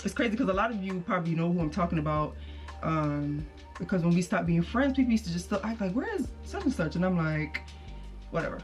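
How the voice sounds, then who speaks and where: Chatty woman telling a storytime. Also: fairly low pitch. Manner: chatty, slangy, animated retelling with quoted voices. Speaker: vlogger. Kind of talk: casual storytime.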